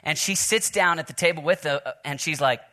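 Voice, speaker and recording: Oklahoma-raised male preacher, bright and slightly high, chatty storyteller turned earnest pray-er. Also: brisk. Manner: joking storyteller, then earnest prayer. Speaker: pastor. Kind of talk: sermon.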